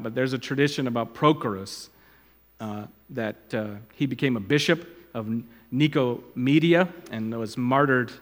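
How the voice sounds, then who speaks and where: A man preaching a sermon as a pastor, talking conversationally and wandering into asides that trail off quietly. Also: mid-range voice, long reverb tail.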